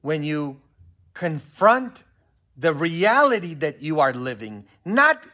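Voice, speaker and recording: A man, a pastor leading a Bible study in a church, preaching with animated rhetorical questions and a constant "huh?". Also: a little high, moderate pace. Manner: animated, asks the group questions and keeps tagging "huh?".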